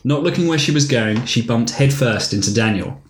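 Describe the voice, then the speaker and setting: A man hosting a podcast, reading a story aloud in a steady, deadpan way. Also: medium pitch, normal speed. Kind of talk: reading fiction aloud with banter. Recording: roomy recording, faint noise.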